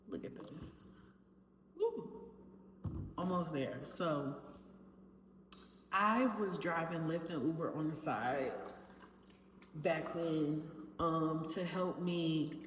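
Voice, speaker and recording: A woman's voice: sits low, slow, pauses often, a little hiss or hum, low-quality recording. Woman candidly recounting a painful ordeal. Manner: raw, emotional, profane retelling, acts out quotes. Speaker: vlogger telling her own story. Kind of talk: candid personal storytelling.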